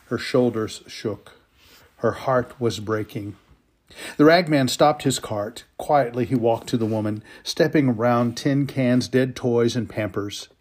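Male storyteller, dramatic reading, slow emotive pacing, mid-pitched voice. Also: darkish tone.

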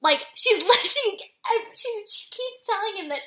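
A woman's voice: very high voice, lively intonation, measured pace, fairly bright tone. A woman co-hosting a casual recap chat, retelling scenes and acting out quotes with frequent laughs. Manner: storytelling, acts out quotes, laughs often. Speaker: podcast co-host.

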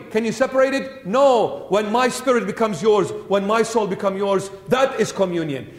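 A man preaching a sermon as a bishop, emphatic, with repeated phrases and rhetorical questions. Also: high-pitched. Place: church. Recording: echoey church hall.

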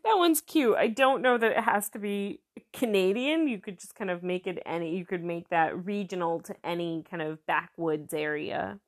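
A woman's voice: lowish voice, lively intonation, moderate pace, few pauses. A woman casually telling jokes aloud and chatting about each one as she goes. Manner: chatty, reads jokes aloud and comments on them.

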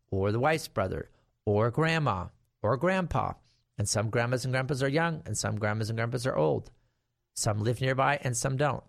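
Gravelly-voiced man explaining estate law. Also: fairly low pitch, no echo, studio quality. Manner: conversational storytelling with hypothetical examples, emphatic warnings. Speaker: estate planning attorney. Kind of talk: explanatory talk to viewers.

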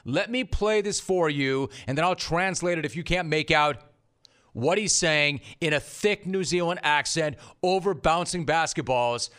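A man with a somewhat high voice hosts a sports radio show. He is sarcastic and emphatic, and he repeats his punchlines for effect. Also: unhurried, a bit bright, smooth. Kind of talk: sports talk monologue.

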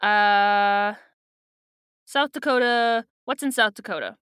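A woman's voice: mid-range voice, slow, a bit bright, smooth, dry recording, studio quality. A woman co-hosting a podcast, chatting casually and giggly with lots of fillers. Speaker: podcast co-host. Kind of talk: casual chat recapping a book.

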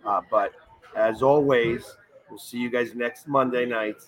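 A man co-hosting a casual sports talk show, telling lively anecdotes and quoting people in a raised voice. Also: mid-range voice, unhurried, poor audio. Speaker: podcast co-host. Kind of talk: casual chat, storytelling.

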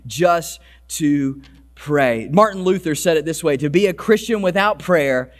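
High-pitched guy preaching, fired up, keeps repeating words as he gets going. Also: a little fast. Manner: animated preaching, repeats words when starting a sentence. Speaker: pastor. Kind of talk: sermon. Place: church service, also streamed.

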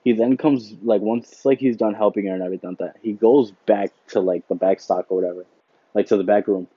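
A man's voice: lowish voice, steady tone, a little fast, slightly rough, no echo. A man hosting a podcast, telling a work story in a rambling, casual way, full of fillers and "whatever, right?". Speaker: podcast host. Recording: dull lo-fi sound.

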